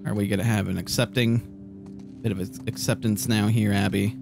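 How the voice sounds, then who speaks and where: A man's voice: fairly low pitch, fairly even intonation, normal speed, gravelly, over music. A man giving emotional, sweary let's-play commentary while playing a story game. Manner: emotional, swearing, laughing reactions. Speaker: gaming video host.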